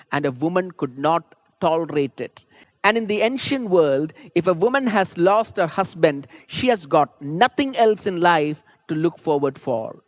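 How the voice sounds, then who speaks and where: High-voiced preacher in a dry room. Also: male voice, dry recording. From India. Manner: earnest preaching, rising to fervent emphasis. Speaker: pastor. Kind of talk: sermon.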